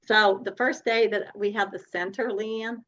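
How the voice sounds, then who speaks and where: A woman guest telling her story in a podcast interview, animated and laughing often. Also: mid-range voice, a little slow, lo-fi sound. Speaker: guest speaker and coach.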